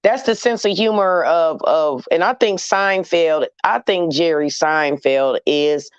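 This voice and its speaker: A woman's voice: low-pitched, a little slow, clean tone, no room sound, muffled recording. Blunt, candid woman chatting casually. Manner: blunt, candid, with loose slangy phrasing. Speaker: host talking to viewers. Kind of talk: casual chat to a live audience.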